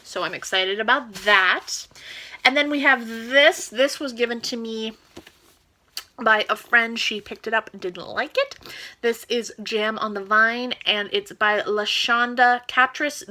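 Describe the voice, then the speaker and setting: A woman's voice: on the high side, measured pace, pushed and bright. A woman chatting casually as a book vlogger, eager and gushing as she shows off new books. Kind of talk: casual book haul chat.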